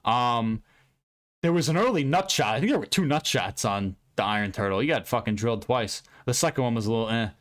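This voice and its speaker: A man giving a casual, profane and rambling recap of a fight card, with bursts of excitement. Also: medium pitch, a little fast. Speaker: MMA commentator recapping fights.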